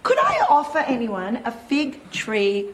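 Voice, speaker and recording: A woman's voice: fairly high pitch, wildly swooping pitch, unhurried. An actress playing a flustered woman who poses as a farm author and hurries to keep the story straight. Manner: flustered, talking over herself, bossy under pressure.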